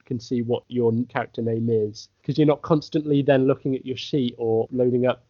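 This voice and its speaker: A man at a middle pitch, a guest in a casual talk, who tells anecdotes with laughs and acts out little quotes. The sound is dry and close, slightly muffled and lo-fi. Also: fairly even intonation, fairly quick, warm tone, no echo. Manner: storytelling, acts out quotes, laughs between lines. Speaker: podcast guest. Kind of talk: casual chat. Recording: dry, dull lo-fi recording.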